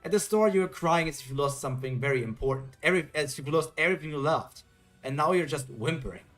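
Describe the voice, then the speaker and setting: A man reading aloud as an ancient, lonely male magician, speaking gently and reflectively. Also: a little high, lively intonation, fast talker, soft background music. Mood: gentle. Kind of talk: reading comic dialogue aloud.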